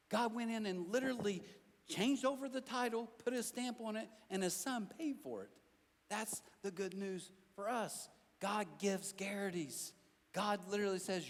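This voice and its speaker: High-voiced pastor preaching in a reverberant hall. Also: male voice, normal speed. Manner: animated storytelling with self-deprecating jokes; talks directly to the crowd. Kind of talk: sermon. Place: church auditorium.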